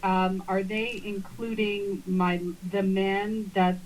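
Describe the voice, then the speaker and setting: Woman, caller, grateful, hesitant, halting delivery. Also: mid-range voice, flat delivery, darkish tone, slight background noise, low-quality recording. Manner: grateful, hesitant, with many fillers. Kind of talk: call-in conversation.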